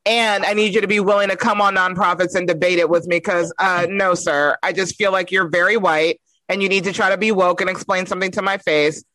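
Bright high-voiced joking man. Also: a little fast, few pauses, dry recording. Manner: animated, joking, laughs often. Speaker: podcast co-host. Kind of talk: casual comedic chat.

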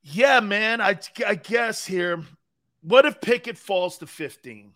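Male sports radio co-host, high and lively voice, profane storyteller. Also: slow pace. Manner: profane storytelling, laughs loudly. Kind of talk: casual sports radio chat.

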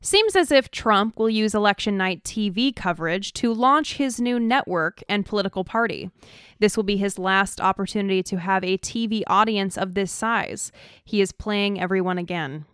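Smooth-voiced woman, dry and amused. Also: mid-range voice, moderate pace, a bit bright, dry recording. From Midwest US. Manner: amused, dry, laughs often. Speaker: podcast co-host. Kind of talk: casual political chat. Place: studio in California.

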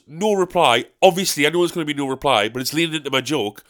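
A man from South Shields with a North East English accent, a stand-up comedian talking in a casual monologue, ranting and swearing with sharp, high-pitched outbursts of disbelief. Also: animated, fast. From South Shields, England.

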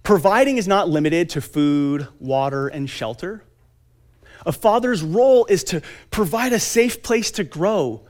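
Dramatic pauses and emphatic lists fill the earnest motivational conference talk given by this man in his thirties, whose voice is high.

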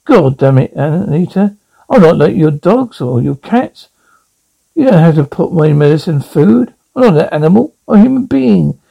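An actor playing an irritable retired husband who grows coldly menacing. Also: male voice, fairly high pitch, moderate pace, gravelly, husky, lo-fi sound, exaggerated voice. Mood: irritated. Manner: irritable, then calm and creepy. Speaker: retired husband turned taxidermist.

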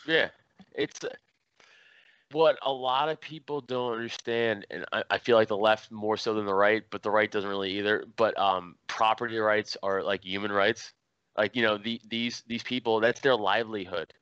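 Profane, animated man hosting a podcast. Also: on the low side, moderate pace, smooth, no echo, highs cut off. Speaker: podcast host. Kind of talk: casual podcast chat.

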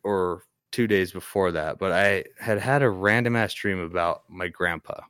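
A man's voice: sits low, moderate pace, fairly bright tone, clean tone, no room sound, clean studio sound. A young man casually telling a ghost story on a podcast, rambling and restarting often. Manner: rambling, hesitant, many restarts. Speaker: podcast guest.

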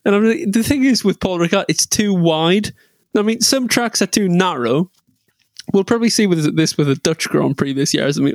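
A man's voice: high-pitched, animated, normal speed, dry recording. A man chatting casually and jokily about racing, rambling and laughing often. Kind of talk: casual motorsport chat.

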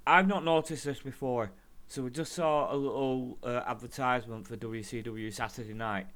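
A man co-hosting a podcast in casual chat, animated, laughing often and swearing freely. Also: medium pitch, moderate pace. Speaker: podcast co-host.

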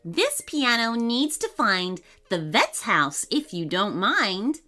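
A woman voicing an eager, excitable little girl in a storybook reading. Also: on the high side, slow, soft background music, exaggerated voice. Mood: excited.

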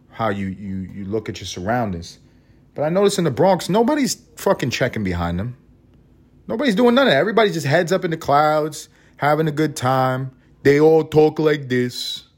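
A man's voice: medium pitch, big pitch swings, brisk. A man hosting a podcast, talking in a rambling, profane, wry comedic monologue. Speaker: podcast host.

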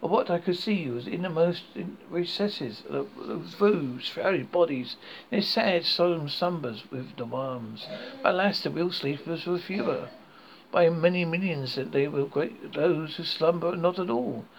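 A man reading a horror story aloud, halting and often stumbling over words, on a dull lo-fi recording. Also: on the high side, vocal fry, slight background noise. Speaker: horror podcast host and reader.

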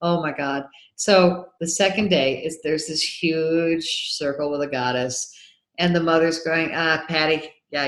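A woman guest telling an animated personal story in an interview, acting out the voices of people in it. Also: low voice. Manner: excitable, acts out remembered dialogue. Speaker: guest, documentary filmmaker. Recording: roomy echo.

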